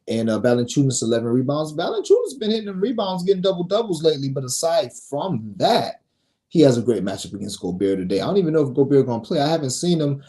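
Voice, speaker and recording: A man's voice: mid-range voice, dark tone. A man hosting a sports betting show, reading picks in a brash, profane, casual way and scolding his viewers.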